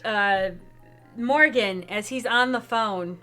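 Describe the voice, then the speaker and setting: A woman running a tabletop role-playing game, quick and animated, with bursts of excitement. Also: fairly high pitch, faint music behind. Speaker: game master.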